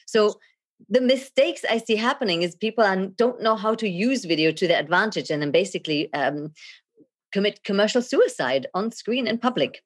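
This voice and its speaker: Guesting on a podcast interview, this middle-aged video and leadership coach is animated and theatrical, laughing frequently. Her voice is mid-range and she talks at a normal speed.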